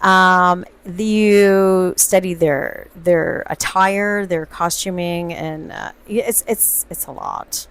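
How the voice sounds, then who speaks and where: A woman's voice: on the low side, slow, few pauses, clear, resonant tone. A middle-aged woman guest performer in casual chat, telling stories with lots of laughter. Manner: animated storyteller, laughs often.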